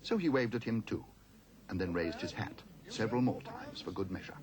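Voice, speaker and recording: A man reading a children's storybook aloud as narrator, gentle and expressive. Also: fairly low pitch, brisk, crowd noise.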